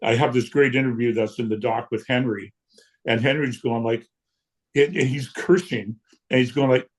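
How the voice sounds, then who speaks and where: A man in his sixties spins stories in relaxed conversation. He is lively and blunt, slipping into the voices of other people and cursing without a second thought. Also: medium pitch, normal speed, slight background noise. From Canada. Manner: lively storyteller who acts out quotes and swears freely. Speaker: guest punk musician. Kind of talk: casual storytelling.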